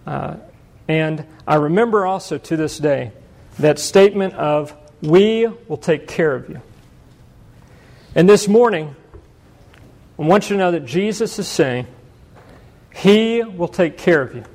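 Middle-aged male pastor, high-pitched, conversational sermon storytelling, self-mocking asides. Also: unhurried, creaky, long pauses, darkish tone. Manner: conversational, self-deprecating, chuckles often.

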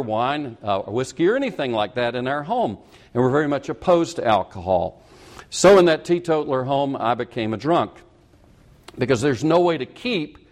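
A man preaching an expository sermon, stressing key points by repeating them and correcting himself mid-sentence. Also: medium pitch.

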